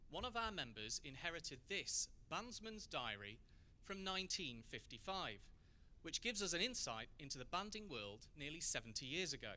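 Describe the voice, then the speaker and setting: A man reads a prepared introduction in a measured, formal manner. His tone is very bright, and his pitch moves lively. The sound is dry and close. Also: no room sound. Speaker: band spokesman.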